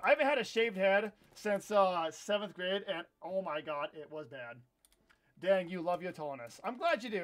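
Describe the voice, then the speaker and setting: A young American man in his twenties live-streaming a game, chatting casually with viewers in a rambling, self-correcting way with excitable bursts. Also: high-pitched. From United States. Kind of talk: casual live-stream chat while gaming.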